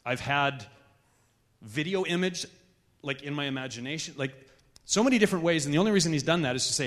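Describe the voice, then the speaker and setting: A man leading a church gathering, teaching in a relaxed, conversational way. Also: fairly high pitch, quick pace, pauses often. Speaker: church leader. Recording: echoey hall reverb.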